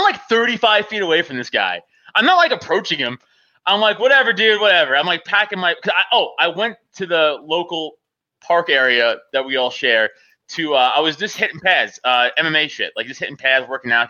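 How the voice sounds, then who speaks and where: Male podcast co-host, high bright voice, laughs and swears as he tells the story; slightly dull lo-fi sound. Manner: laughs often, swears freely, animated. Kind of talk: casual profane storytelling.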